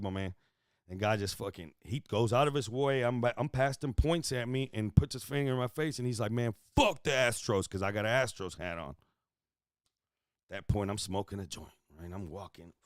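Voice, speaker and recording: A man from Houston, hosting a podcast and telling a profane story in casual chat, swinging from loud bursts to hushed asides. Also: fairly low pitch, no echo, studio quality. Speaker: podcast host.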